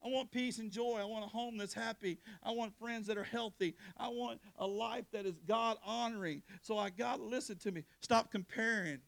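A man's voice: high voice, steady tone, normal speed, gravelly, hardly any pauses, a bit bright. A male pastor preaching a sermon, calling out to his congregation and getting them to respond in colloquial, straightforward talk. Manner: colloquial Southern speech.

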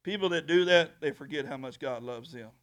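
A man preaching a sermon as pastor in a church, emphatic, swinging from soft talk to shouting. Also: on the high side, brisk.

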